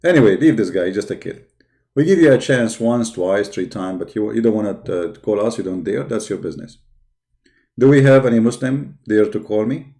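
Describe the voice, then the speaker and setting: A man's voice: on the low side, expressive, normal speed, mellow. A man hosting a live stream, taunting and challenging viewers to call in. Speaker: live stream debate host. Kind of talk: mocking live stream talk.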